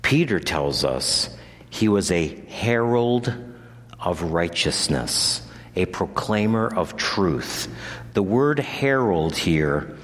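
A man preaching a sermon as pastor, moving from measured teaching to loud, emphatic proclamation. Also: animated. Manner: builds from low measured teaching to loud, high-pitched preaching. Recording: long hall reverb.

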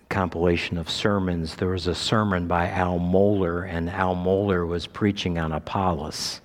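A male pastor preaching a sermon with emphasis, his voice lifting high when he quotes Scripture. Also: in a large hall. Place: church sanctuary.

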